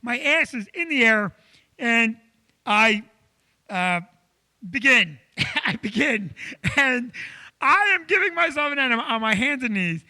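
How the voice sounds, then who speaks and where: A male comedian hosting a live show from a comedy club stage, telling an animated, self-deprecating story. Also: very high voice, measured pace, long pauses.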